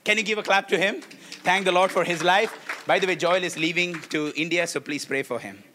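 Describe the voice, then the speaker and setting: A man's voice: high-pitched, steady tone, a little fast, sharp tone, some chatter behind, a little hiss or hum. A man preaching a sermon to a congregation in a church, leading call-and-response and laughing often.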